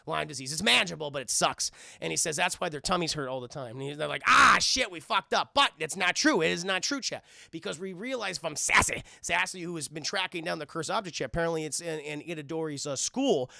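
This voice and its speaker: A man's voice: a little high, fast talker, gravelly, pushed and bright, no echo, clean studio sound. A man giving a comedic, rambling, profane scene-by-scene recap of a cartoon, often addressing his chat. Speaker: streamer reviewing a cartoon.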